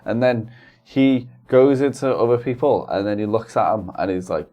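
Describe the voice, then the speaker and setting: A man's voice: on the low side, animated, normal speed, a little mellow, dull audio, soft background music. A man co-hosting a podcast in joking, casual chat, playful and silly. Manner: playful, silly, putting on goofy voices. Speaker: podcast co-host.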